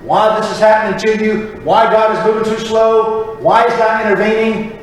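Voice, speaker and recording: High-voiced preacher guy, heard far off in a big echoey church, lively casual sermon. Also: moderate pace. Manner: lively preaching, acting out prayers in character. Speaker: pastor. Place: church chapel.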